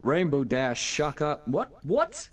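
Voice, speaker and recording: A man putting on a gruff male action-hero impression to read a story aloud, slow, swooping and overblown. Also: a little high, huge pitch swings, voice pushed down, heavily acted. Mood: mock-heroic. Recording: distant from the mic.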